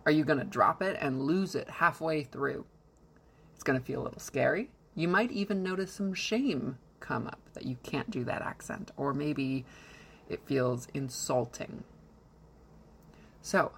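A woman's voice: sits low, creaky, a bit bright, slightly rough. A woman voice coach giving instructional advice in an encouraging, conversational way, often posing questions to the listener. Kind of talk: instructional talk to camera.

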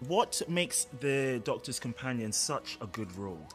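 A man's voice: mid-range voice, sing-song, measured pace, fairly bright tone, soft background music. A young man interviewing a guest in an enthusiastic, effusive, playful way. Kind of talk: playful promotional chat.

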